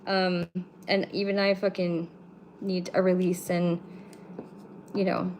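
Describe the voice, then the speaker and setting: A woman's voice: on the low side, flat delivery, slow pace, a little mellow, slight background noise. A woman from Canada hosting a casual livestream from her home, talking bluntly to her viewers, swearing freely and teasing the chat. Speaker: livestream host. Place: home room with pets.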